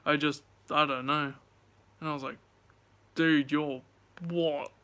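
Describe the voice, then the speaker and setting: Young male vlogger, casual storytelling, fairly high, bright and clear voice. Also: level tone, takes it slowly. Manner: chatty, swears, retells dialogue animatedly.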